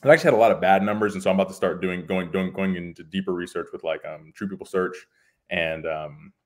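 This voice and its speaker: Brief: young male caller, deep voice, polite and halting, lots of ums. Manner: polite, hesitant, many ums. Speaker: caller asking for advice. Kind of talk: casual call-in question.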